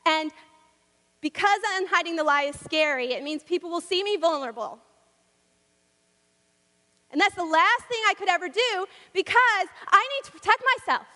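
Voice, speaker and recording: A woman preaches in a church, her delivery rhythmic, repetitive and emphatic. Her voice is high and bright. It echoes through a large reverberant hall. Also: expressive, moderate pace, long pauses. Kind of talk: sermon.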